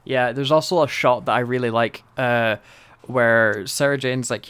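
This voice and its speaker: Man co-hosting a podcast, casual chat, animated, laughs a lot, mid pitch. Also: normal speed, clear, resonant tone. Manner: animated, laughs often, acts out quotes. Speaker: podcast co-host.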